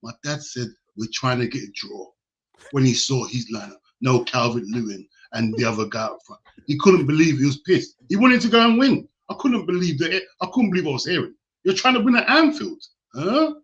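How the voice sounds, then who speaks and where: A young man chats about football and tells a story in casual banter. His voice sits a bit high and moves around a lot in pitch. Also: big pitch swings, fairly quick, hardly any pauses, fairly bright tone, muffled recording. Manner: chatty, storytelling. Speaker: panelist. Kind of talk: casual fan debate.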